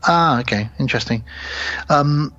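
A man's voice: a little high, normal speed, bright, forceful tone, highs cut off, soft background music. A man co-hosting a podcast, chatting casually about films and recounting scenes as he goes. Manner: rambling, recounts scenes and acts out quotes. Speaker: podcast co-host. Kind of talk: casual film chat.

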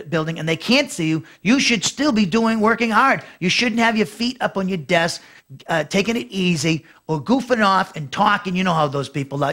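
A middle-aged man teaches a Bible lesson as pastor, his voice sitting fairly high for a man. He talks in a loose conversational way, full of fillers and false starts. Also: a bit bright. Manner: conversational with frequent fillers and restarts.

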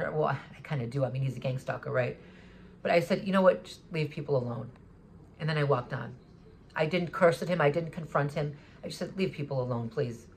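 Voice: mid-range voice, a little hiss or hum. Agitated rambling vlogger, swearing often. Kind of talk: monologue recounting an encounter.

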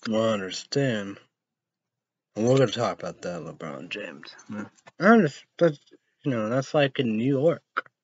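Reading headlines aloud on his casual show, this young male host rambles about each story and spells names out letter by letter. His fairly low voice is animated with a breathy edge, at a moderate pace, and the lo-fi recording is dull with no room sound.

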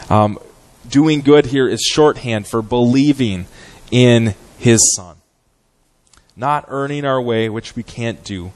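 A man preaching an earnest, measured sermon as a guest preacher in a church, with frequent "um" fillers. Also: on the low side, rough recording. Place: church sanctuary.

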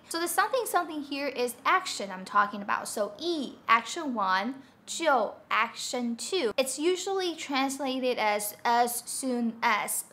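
A woman's voice: high voice, expressive, a little slow, few pauses, a bit bright. A woman teaching a Mandarin grammar lesson online, upbeat and explaining patiently with example sentences.

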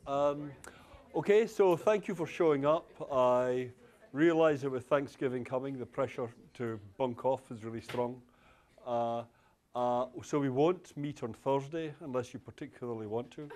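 A man's voice: mid-range voice, measured pace, darkish tone. A Scottish man from Glasgow giving a university lecture in a loose, joking way, with many fillers and restarts. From Glasgow, Scotland. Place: lecture hall.

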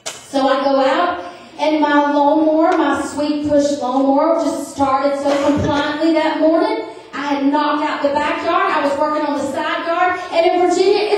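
A middle-aged woman with a high-sitting voice delivers a humorous, emphatic revival sermon in a large church sanctuary. She tells funny stories and calls on the congregation for amens in call-and-response fashion, captured by a distant mic in a very echoey hall.

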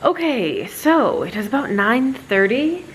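A woman's voice: fairly high pitch, very animated, measured pace, a little hiss or hum. A woman vlogging casually at home into a handheld camera, talking in a chatty way full of fillers and speaking fondly to her dog. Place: at home, indoors.

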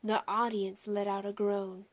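A woman reading a children's chapter book aloud at a middling pitch. She tells the story in a clear, lively way. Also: a little slow. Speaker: audiobook reader.

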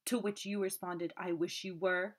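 A woman voicing a quiet but sharp, boastful male detective who probes and needles. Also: sits high, level tone, normal speed. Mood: pressing.

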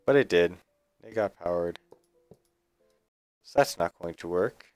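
A man's voice: low voice, lively intonation, a little slow, a little mellow, no room sound. A man streaming a building game live, thinking aloud in a chatty, self-correcting way. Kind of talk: live gameplay commentary.

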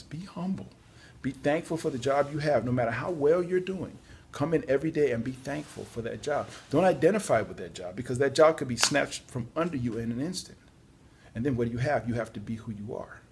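In a casual spoken advice talk, a weary job-search podcast host chats through his tips, yawning now and then and tossing in apologetic asides. He speaks briskly and expressively at medium pitch, with slight background noise.

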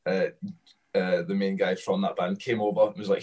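Scottish man, musician guest, low-pitched, rambling with fillers, sounds distant from the mic. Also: level tone, normal speed, a little mellow. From Scotland. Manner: rambling, lots of fillers and restarts. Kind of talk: casual panel chat.

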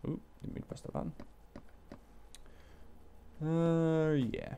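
A man's voice: on the high side, flat delivery, slow pace, pauses often, warm tone, a little hiss or hum. A young man from Wales, talking himself through a video game, muttering and swearing casually. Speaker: gaming channel host. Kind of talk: let's play commentary.

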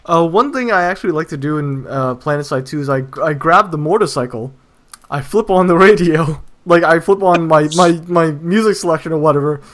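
A man hosting a gaming podcast in casual chat, relaxed, chuckling and repeating words. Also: a little high, fairly quick. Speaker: podcast host.

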